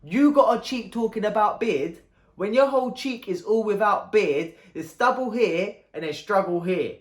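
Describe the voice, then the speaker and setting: A man in his thirties with a Cockney accent, delivering rap battle bars with a high-pitched voice. His trash talk is punchy and mocking. The sound carries a roomy echo. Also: lively intonation, moderate pace. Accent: London Cockney. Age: 30s. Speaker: battle rapper. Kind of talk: a cappella rap battle verses.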